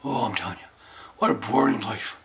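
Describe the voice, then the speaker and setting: A man's voice: fairly low pitch, a little fast, gravelly, slight background noise. A man doing a rambling comic commentary on his own tall tales, dryly repeating that it was all boring.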